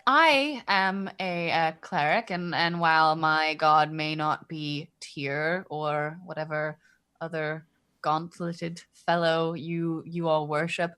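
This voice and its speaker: A woman speaking in character during a tabletop game. Her voice is low-pitched but bright and clear. She pauses often and fills the gaps with hesitant fillers. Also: fairly even intonation. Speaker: player. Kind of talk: in-character tabletop role-play.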